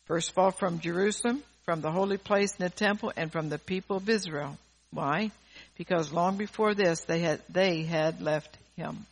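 A woman's voice: on the low side, normal speed, breathy edge. A woman preacher delivering a fervent sermon, repeating words and phrases for emphasis.

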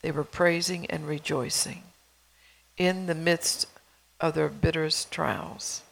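Woman preacher, gravelly voice, chatty sermon mixing bible verses and home stories. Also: low voice, fairly even intonation, slow, a bit bright, low-quality recording. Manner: conversational, tells personal stories between scripture readings.

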